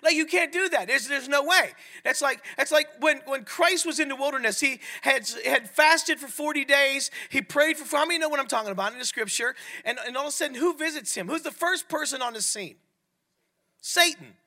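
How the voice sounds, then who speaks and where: A middle-aged man preaching a sermon at a men's ministry, animated and often asking the audience questions. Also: very high voice, fairly quick. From Italian heritage. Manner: animated, asks the crowd questions.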